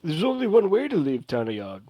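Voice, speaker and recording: A man's voice: a little high, huge pitch swings, dry recording, muffled recording, faint music behind. A man narrating a tabletop game as game master, slipping into character lines. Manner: voices characters in quick bursts.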